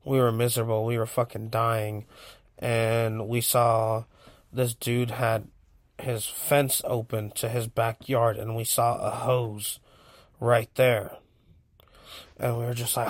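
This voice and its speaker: A man's voice: medium pitch, little pitch movement, a little slow, no echo. A young man from California rambling bluntly through a casual monologue, cursing freely as he tells stories. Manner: blunt, profane, storytelling. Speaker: podcast host.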